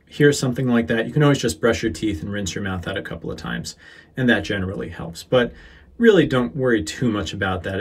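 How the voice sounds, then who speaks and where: A male teacher talking through a how-to lesson into a close microphone, unhurried and easygoing, with a few fillers. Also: mid-range voice, husky. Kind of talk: instructional voice-over. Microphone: close sensitive studio mic.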